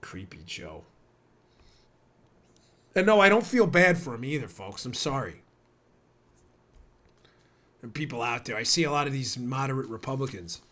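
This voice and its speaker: A man's voice: mid-range voice, animated, a little fast, pauses often, sharp tone. A man hosting a political talk show, ranting sarcastically and a little stuffed up from a cold. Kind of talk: opinionated talk show monologue.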